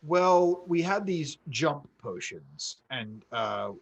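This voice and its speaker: A man casually telling a tabletop game story on a podcast, acting out quotes with growing excitement. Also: on the high side, slow pace, gravelly, husky, low-quality recording. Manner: animated storyteller, acts out quotes with rising excitement. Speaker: podcast co-host.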